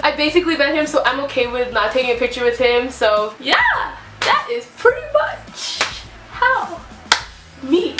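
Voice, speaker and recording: A young woman gushes through a story in a high voice, giggling and breathless with excitement. Her voice bounces off the walls of a room, and she sits some way from the mic. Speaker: vlogger telling a story. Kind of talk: excited story time chat. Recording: echoey room, mic at a distance.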